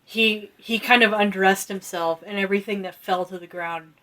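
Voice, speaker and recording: A woman co-hosting a casual podcast, retelling a myth in a rambling, giggly way with lots of swearing and quick character voices. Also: medium pitch, steady tone, pushed and bright. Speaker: podcast co-host retelling myths. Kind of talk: casual chat.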